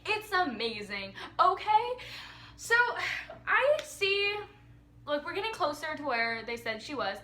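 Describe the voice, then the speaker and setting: A teenage girl vlogging casually, telling a story in an excitable, gushing way full of likes and ums. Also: sits high, a little slow, roomy sound.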